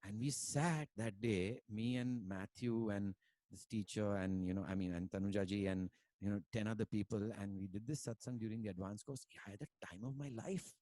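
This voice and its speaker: A man's voice: lowish voice, brisk, dark tone, no room sound. Man telling stories, dry sound. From India. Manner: rambling, many fillers, mixes in Hindi words. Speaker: musician guest. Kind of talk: casual conversation and storytelling.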